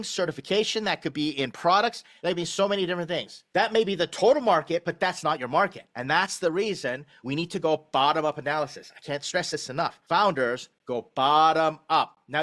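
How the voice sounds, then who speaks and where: A middle-aged man reviewing a startup pitch deck in a live online session, blunt and emphatic as he critiques and teaches. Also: fairly bright tone.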